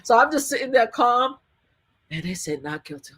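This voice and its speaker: A woman guest, a survivor advocate, tells a story in an animated interview. She laughs often and acts out what people said. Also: fairly low pitch, brisk, breathy edge.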